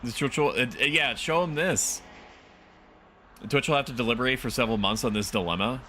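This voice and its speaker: A man's voice: medium pitch, fairly quick, pushed and bright, a little hiss or hum. A man streaming a horror game, chatting casually, joking and laughing as he rambles.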